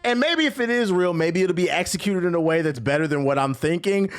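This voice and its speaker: Animated man ranting about games. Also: high-pitched, fairly quick. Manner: blunt, animated, swears freely, mocks what he reads. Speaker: gaming commentator reacting to an article. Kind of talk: casual profane reaction commentary.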